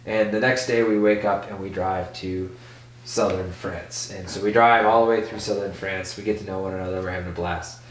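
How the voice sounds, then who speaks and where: A man who is a podcast guest telling a casual story in an animated way, full of "like". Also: deep voice, fairly quick, recorded from a distance. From Michigan. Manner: animated, full of "like", acts out voices in quotes. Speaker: podcast guest, BMX rider. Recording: echoey room, off-mic.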